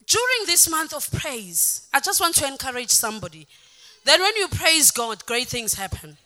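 Woman preacher, high and piercing, fervent, repetitive exhortation. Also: sing-song, normal speed. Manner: fervent, rising to shouted exhortation; repeats phrases for emphasis. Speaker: pastor's wife leading worship. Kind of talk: exhorting sermon.

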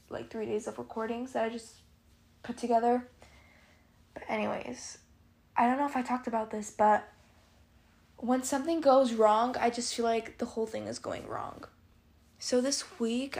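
A woman's voice: a little high, creaky. A teenage girl hosting her own podcast, rambling candidly in casual chat with lots of filler words. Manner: candid, confiding. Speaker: podcast host.

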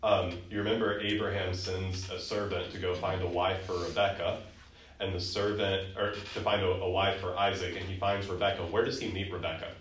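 A man's voice: deep voice, fairly quick, reverberant, a little hiss or hum, low-quality recording. A man teaching a Bible lesson to a class, asking questions and acting out the quotes. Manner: lively, quizzing students and acting out quotes.

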